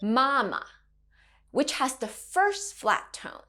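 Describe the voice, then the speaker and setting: A woman in her thirties leads a children's Mandarin lesson at an unhurried pace. Her pitch swings widely and playfully as she models each sound, sitting a little high. She stays gentle and encouraging throughout. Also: sing-song, soft background music. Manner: gentle, encouraging, sing-song modelling of tones. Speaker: Mandarin teacher for kids.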